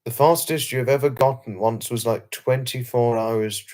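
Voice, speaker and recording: A man's voice: mid-range voice, fairly even intonation, moderate pace, darkish tone. A British man hosting a late-night livestream, reading out viewer comments and answering them in a chatty, repetitive, emphatic way. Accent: British English. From England. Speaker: livestream host.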